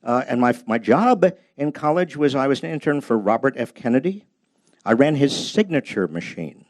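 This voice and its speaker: With a sing-song lilt and a slightly mellow, medium-pitched voice, an older man speaks at normal speed, with no room sound. He's at a public library event space, sharing a humorous, anecdote-rich talk about his book and poking fun at himself.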